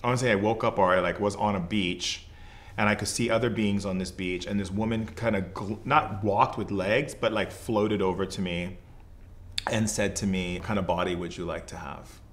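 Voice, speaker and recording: This fairly low-pitched man talks at a normal speed with fairly even intonation. As a shaman guesting on a podcast, he recounts something from his own life in relaxed, sincere conversation, peppering it with "like" and "you know."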